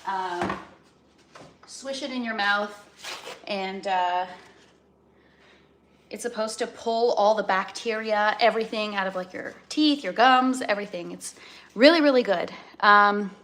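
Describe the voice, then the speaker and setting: A woman's voice: mid-range voice, a little slow, long pauses, a bit bright. A woman from Canada hosting a live cooking stream, rambling in casual chat and greeting viewers by name.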